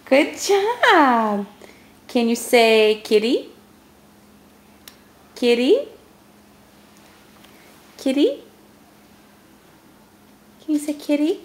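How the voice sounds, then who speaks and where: A woman's voice: high-pitched, sing-song, slow. A mother at home patiently coaxing her toddlers to sign, repeating simple words and praising each try.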